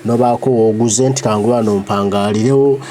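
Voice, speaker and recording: A man hosting the show, from Uganda, giving a measured, lamenting reflective commentary. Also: on the low side, fairly even intonation, mellow. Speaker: host.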